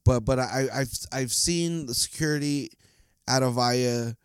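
A man's voice: medium pitch, unhurried, clean tone, no echo, clean studio sound. A man hosting a solo podcast, rambling and heated, swearing constantly as he vents. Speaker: podcast host. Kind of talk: casual solo podcast rant.

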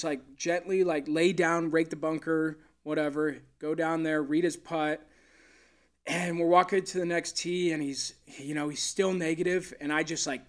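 Easygoing man telling caddie stories. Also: a little high. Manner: easygoing storyteller, many fillers. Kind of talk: casual interview chat.

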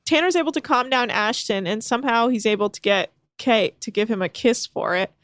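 A woman's voice: fairly high pitch, a little fast. A young woman co-hosting a casual podcast, animatedly retelling a reality show and acting out the people in it. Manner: animated storytelling with quoted voices. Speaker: podcast co-host recapping a show. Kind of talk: casual chat.

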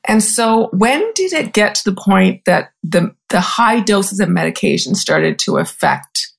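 Husky, gravelly woman interviewer. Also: mid-range voice, lively intonation, unhurried. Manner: gentle, probing questions. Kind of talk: interview questions.

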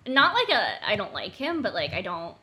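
A woman's voice: medium pitch, wildly swooping pitch, normal speed, bright, forceful tone. A young woman co-hosting a podcast, talking in casual chat and filling her sentences with "like". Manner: chatty, heavy use of "like". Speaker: podcast co-host.

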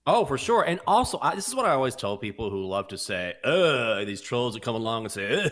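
A man's voice: mid-range voice, fairly quick, hardly any pauses. A man co-hosting a sports betting podcast, chatting casually and telling stories with mocking voices. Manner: animated storyteller, mocking voices.

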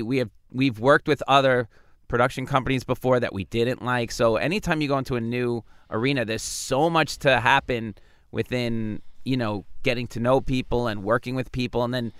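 Smooth-voiced man telling lively stories. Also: mid-range voice, no echo. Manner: lively storyteller who acts out quotes. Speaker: comedy writer, podcast co-host. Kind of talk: casual interview chat.

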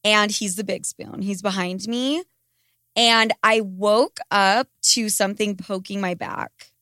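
With a medium-pitched voice, a young woman on a podcast takes her time while chatting bluntly and profanely, telling lively stories. She's a co-host, heard in studio quality with no echo.

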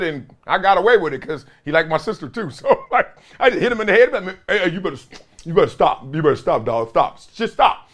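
Animated laughing man telling stories. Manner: animated, laughing often, acting out quotes in a high voice. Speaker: former NFL player and podcast host. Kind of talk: casual storytelling chat.

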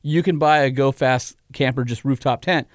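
A man's voice: medium pitch, moderate pace, no echo, studio quality. A man co-hosting a podcast in casual chat, enthusiastic and rambling with many fillers. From California. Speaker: podcast co-host.

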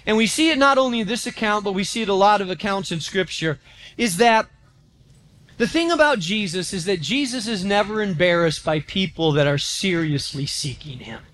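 A pastor preaching a sermon in a church, telling stories with animation and acting out quotes. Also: male voice, high voice, normal speed. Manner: animated storytelling, acts out quotes.

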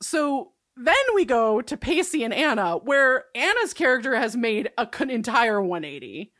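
A woman co-hosting a casual rewatch chat, relaxed and wry, recapping the plot with dry asides. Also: on the high side, normal speed, no echo. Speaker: podcast co-host.

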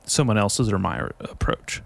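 Man, podcast host, low voice, playful and rambling, casual chat, faint clicks behind. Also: big pitch swings, normal speed, gravelly, a little hiss or hum. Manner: joking, mischievous, rambling.

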